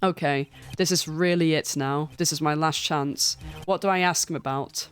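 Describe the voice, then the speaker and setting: A woman's voice: sits low, fairly even intonation, moderate pace, clean tone, soft background music. A woman streamer making casual, chatty asides while playing through a game. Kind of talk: casual let's-play commentary.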